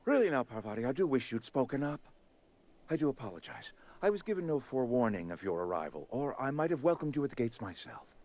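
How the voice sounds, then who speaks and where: A man voicing a pompous male company town administrator in a video game, talking in a formal, ornate and smoothly persuasive way. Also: medium pitch, very animated, quick pace, darkish tone, close to an everyday voice.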